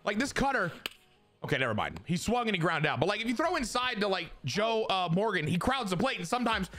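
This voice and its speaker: A young man giving excitable live commentary on his own baseball video game, jumping from loud hype to muttered grumbles. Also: high-pitched, quick pace, faint music behind. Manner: excitable, swings from hyped shouting to muttered grumbling. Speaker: gaming YouTuber.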